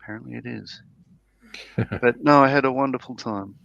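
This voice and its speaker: Casting: Australian male co-host, gravelly voice, meandering fillers, lo-fi dull stream audio. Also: medium pitch, quick pace, fairly bright tone, dry recording. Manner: rambling, many fillers and restarts. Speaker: livestream co-host. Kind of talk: casual chat, reading viewer comments.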